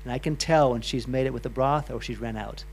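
A man's voice: mid-range voice, brisk, darkish tone, slight background noise. A middle-aged man giving a loose, chatty health talk to a live audience, full of restarts and asides. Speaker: health speaker.

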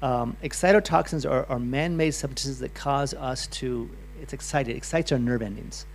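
A man's voice: medium pitch, normal speed, vocal fry. A middle-aged man giving a loose, chatty health talk to a live audience, full of restarts and asides. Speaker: health speaker.

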